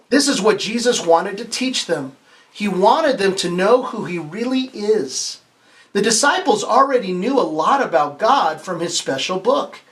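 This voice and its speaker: A man reads a children's picture book aloud as a pastor hosting story time. He keeps it expressive and playful, breaks off to ask the kids questions and has them repeat lines back. He stumbles and restarts now and then. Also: high voice.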